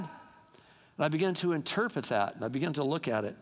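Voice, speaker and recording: A middle-aged man preaching in a church sanctuary, his slightly high voice ringing with long hall reverb. He tells stories animatedly, dropping to low asides and then rising to loud exclamations. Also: animated, brisk. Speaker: pastor. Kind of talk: sermon.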